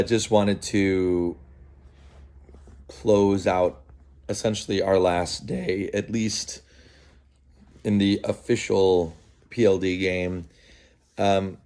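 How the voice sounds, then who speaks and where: A man with a lowish voice tells a story in a relaxed, unhurried way, pausing often and restarting his sentences. He speaks outdoors in the early morning. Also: clear, resonant tone. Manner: relaxed, halting, many fillers and restarts. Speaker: vlogger. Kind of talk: casual storytelling to camera.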